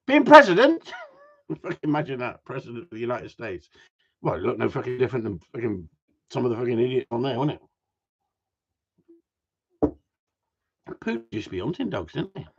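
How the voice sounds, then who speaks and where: A man with a husky, slightly high voice that swings up and down as he jokes. He talks in crude, swearing banter, teasing his friends and laughing a lot. The sound is dull and lo-fi. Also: very animated, normal speed, long pauses. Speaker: host of a gundog group chat.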